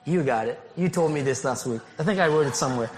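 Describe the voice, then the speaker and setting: A man from Haiti preaching a sermon as pastor, animated, laughing often and rising to shouts. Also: mid-range voice, fast talker. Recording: long hall reverb.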